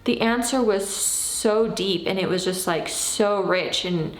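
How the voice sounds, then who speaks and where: A woman's voice: mid-range voice, slow pace. Chatty woman in an echoey room. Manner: animated, acts out her own past lines. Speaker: vlogger. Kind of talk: casual storytelling.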